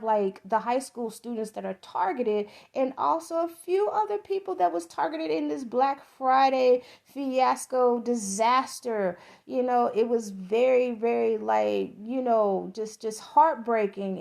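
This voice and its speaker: A woman's voice: fairly high pitch, unhurried, creaky, few pauses, a little mellow. A middle-aged woman from the American South with a Southern accent, giving a rambling, profane, enthusiastic movie review as a podcast host.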